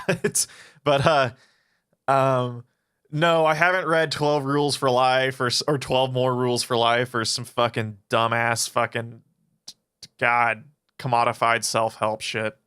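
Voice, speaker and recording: A man's voice: medium pitch, sharp tone, clear, resonant tone, dry recording, clean studio sound. A man casually answering chat questions on a livestream, swearing often and rambling through his answers. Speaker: philosophy channel streamer.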